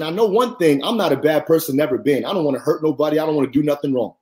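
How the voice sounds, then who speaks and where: Earnest, animated man sharing faith testimony. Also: rapid-fire, hardly any pauses. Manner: earnest, animated, rises high when quoting. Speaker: podcast guest. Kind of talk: faith-centered personal testimony.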